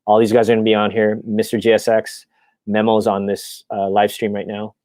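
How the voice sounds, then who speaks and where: A man hosting his own live stream, chatting casually and excitedly, rambling with lots of fillers and restarts. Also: fairly low pitch, fairly quick, no echo.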